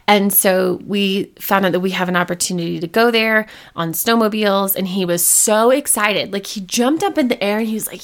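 A woman hosting her own podcast, telling a personal story straight to the listener. She acts out her past self and others in quick snippets and jumps far up in pitch for the excited lines. Her tone is casual and confessional, with a medium voice. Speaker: podcast host.

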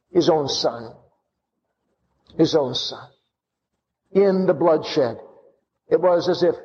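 Man preaching, measured delivery, impassioned; slightly muffled, lo-fi recording. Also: fairly high pitch. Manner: impassioned, rising to fervent cries. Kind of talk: sermon. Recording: lo-fi with long hall reverb.

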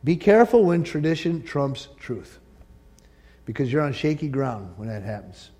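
A male pastor preaching a sermon, animated and joking, acting out quotes from the story and the congregation. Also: medium pitch, normal speed, big-room sound. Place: church sanctuary.

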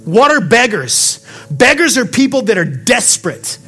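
A male pastor preaching a sermon to his congregation, passionate and full of questions, dropping quiet and then building up to shouts. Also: extremely high pitch, very animated, a little slow, breathy edge, soft background music. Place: church sanctuary.

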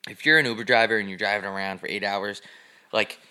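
A man's voice: lowish voice, fairly even intonation, quick pace, sharp tone, smooth. A young man co-hosting a podcast, chatting casually and telling crude, rambling jokes with lots of fillers. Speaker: podcast co-host. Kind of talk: casual chat.

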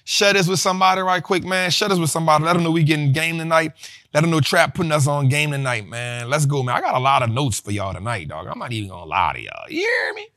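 A male host talks stocks to his live chat in loose slang, repeating lines as he rallies viewers. His voice sits a little high and comes across bright and forceful. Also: quick pace. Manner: slangy, animated, repeats himself. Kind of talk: livestream finance talk.

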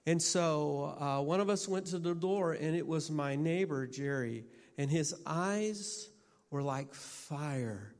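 A man who is a minister and teacher tells a personal story in a sermon, halting and often repeating how he starts his sentences. There is a long hall reverb on his voice. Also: fairly high pitch, a little mellow.

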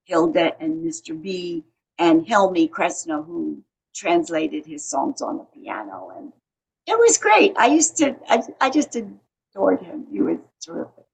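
A woman's voice: fairly low pitch, big pitch swings, measured pace, gravelly, slightly rough. A woman in her eighties, a veteran actress, chatting as an interview guest and telling stories with frequent restarts. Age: 80s. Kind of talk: casual interview chat.

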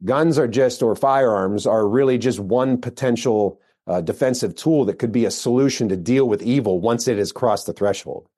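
An American man, middle-aged, a firearms instructor telling his story in a relaxed interview, rambling with fillers and restarts. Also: mid-range voice, normal speed, hardly any pauses. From United States. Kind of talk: casual interview talk.

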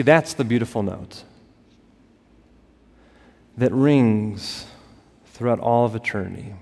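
A man preaching a sermon as pastor, building to emphatic peaks and dropping to soft, quiet lines. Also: mid-range voice. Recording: long reverb of a large hall.

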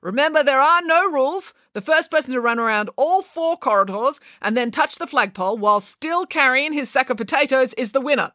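A woman reading a storybook, voicing a pompous male vice principal who calls out loud announcements as race marshal. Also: high voice, expressive, brisk, hardly any pauses, no room sound, studio quality, voice pushed up. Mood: announcing.

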